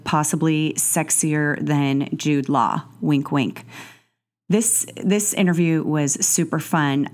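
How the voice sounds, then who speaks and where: Low-voiced chatty podcast hostess. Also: female voice. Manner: chatty, gushing, with fillers. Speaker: podcast host. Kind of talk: casual solo intro monologue.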